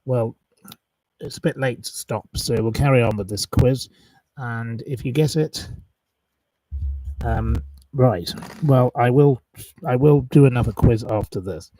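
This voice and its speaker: A man's voice: mid-range voice, unhurried, pauses often, mellow, recorded from a distance, slight background noise, low-quality recording. A man hosting a live quiz, chatting casually, rambling and reeling off long lists of wrong answers. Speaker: quiz host on a live stream.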